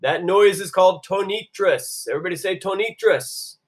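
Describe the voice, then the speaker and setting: A man teaching a lesson in a slightly raised voice, calling on the class to repeat after him. He draws each Latin phrase out slowly and plainly, then moves on briskly with his explanations. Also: high voice, breathy edge. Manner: call-and-response, drawing out Latin phrases slowly. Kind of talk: classroom-style video lesson.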